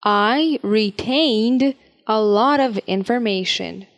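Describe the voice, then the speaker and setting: A woman teaching vocabulary at a very slow, measured pace, pronouncing each word with care. Her voice sits a little high for a woman. She reads each word and example sentence steadily, like a drill in a lesson. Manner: slow, deliberate, carefully enunciated word-by-word reading. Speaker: language teacher.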